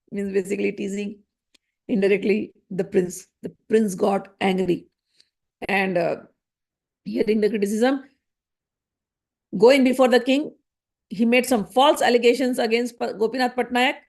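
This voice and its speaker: A woman's voice: mid-range voice, fairly even intonation, a little slow, gravelly, pauses often, a little mellow. A woman retelling a scripture story in her own words, often correcting herself and acting out the characters' quoted speech. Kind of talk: unscripted spoken storytelling.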